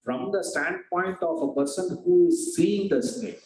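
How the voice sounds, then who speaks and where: A man's voice: high-pitched, a little slow, a little mellow. A man teaching a scripture class, asking his students rhetorical questions. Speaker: Vedanta teacher. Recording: echoey room.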